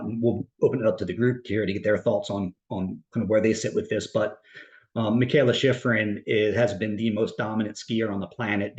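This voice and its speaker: A man with a fairly low voice, recorded in an echoey room with poor audio quality. He's a mental performance coach on a podcast, reflectively telling a story in a long explanation full of fillers and restarts.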